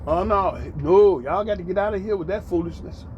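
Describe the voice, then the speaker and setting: In dull audio with a bit of hiss or hum, an American commentary host speaks briskly in a high voice with a darkish tone. His monologue is emphatic and preachy, with lines repeated for effect and mocking asides.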